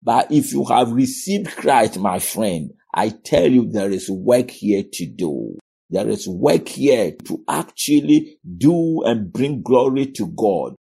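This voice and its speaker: Male preacher, middle-aged, earnest sermon delivery; husky, mellow tone, lively pitch. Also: takes it slowly. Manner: earnest, repeats phrases, addresses listeners as "my friend".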